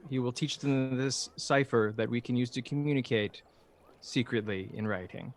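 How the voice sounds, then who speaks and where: A man's voice: mid-range voice, moderate pace, a little hiss or hum. A man playing in a tabletop game, describing his character's actions hesitantly, with many ums and an amused tone. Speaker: player. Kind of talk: tabletop role-play narration.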